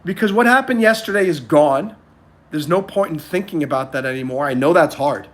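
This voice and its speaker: A man in his forties hosting a motivational livestream, talking earnestly and often clearing his throat. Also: mid-range voice, fairly bright tone, slight background noise. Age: 40s. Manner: earnest, reads and answers chat. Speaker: livestream host.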